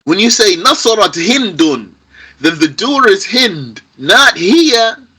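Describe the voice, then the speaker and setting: A man's voice: sits high, big pitch swings, slow pace, bright, forceful tone, slightly rough, rough recording. A man teaching an Arabic grammar lesson to a class, patient and repetitive, stressing key points emphatically.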